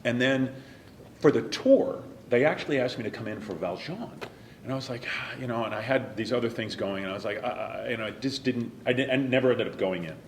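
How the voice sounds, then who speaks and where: A man, a stage actor, talking in an interview in an earnest, emotional way and dropping to a soft whisper at times. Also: medium pitch, fairly quick, roomy sound, slight background noise. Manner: earnest and emotional, some lines softly whispered. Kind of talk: reflective interview talk.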